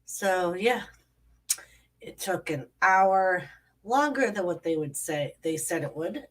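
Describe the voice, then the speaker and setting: Stuffy-nosed woman chatting slowly at night. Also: fairly low pitch, expressive, distant mic. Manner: chatty, rambling, greets viewers by name. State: stuffy nose. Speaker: channel host. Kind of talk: late-night casual livestream chat. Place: home at night.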